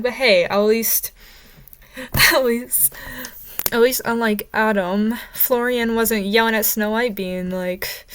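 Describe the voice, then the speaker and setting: A young woman giving casual, rambling commentary as she ranks characters in a vlog, chatty and opinionated, with lots of fillers and stumbles. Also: medium pitch. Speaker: vlogger ranking characters.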